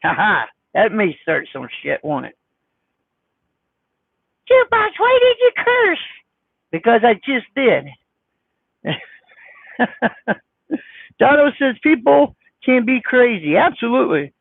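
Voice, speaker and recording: A man with a squeaky voice, chatting casually on a live stream as he reads viewer comments, blunt, defensive and folksy. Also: big pitch swings, slow, gravelly, pauses often, slightly rough, no echo. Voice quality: squeaky high voice. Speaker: trucker vlogger reading live chat. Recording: dry, phone-like sound.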